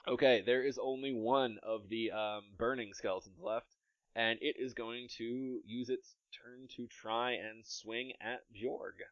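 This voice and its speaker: A man running a tabletop game as game master, playful and narrating combat with quick asides. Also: mid-range voice, fairly even intonation, a bit bright, smooth, dry recording. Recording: dry, slightly dull podcast mic.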